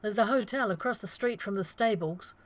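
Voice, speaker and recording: A woman's voice: medium pitch, a little fast, pitched above the performer's own voice, close to an everyday voice. Casting: woman voicing a dry, sardonic male gunslinger in a storybook reading. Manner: deadpan sarcasm. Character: sarcastic, deadpan male gunslinger.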